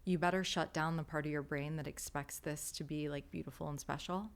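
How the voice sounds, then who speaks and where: A woman's voice: deep voice, steady tone, brisk, smooth. A woman in her thirties, a podcast guest, telling a candid, emotional story with many fillers.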